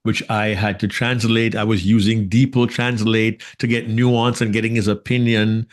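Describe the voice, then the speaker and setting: A man with a Jamaican accent co-hosting a podcast interview, telling a lively story and laughing easily. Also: fairly low pitch, moderate pace. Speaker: podcast co-host. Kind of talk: casual interview chat.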